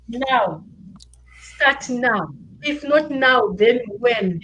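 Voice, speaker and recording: Woman, higher voice, earnest emphatic speaker, faint background hiss. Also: lively intonation, drawn-out words, a bit bright, poor audio. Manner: earnest, emphatic, repeats for stress. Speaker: guest speaker. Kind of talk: motivational parting words.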